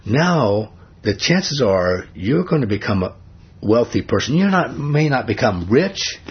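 A man's voice: mid-range voice, big pitch swings, unhurried, husky, highs cut off. A man preaching an informal sermon in a conversational way, asking his listeners questions. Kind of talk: informal sermon, Bible study.

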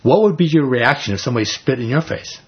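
A man's voice: mid-range voice, lively intonation, fast talker, slightly rough, lo-fi sound. A man leading an informal Bible study. He retells scripture in everyday speech and keeps asking the group rhetorical questions.

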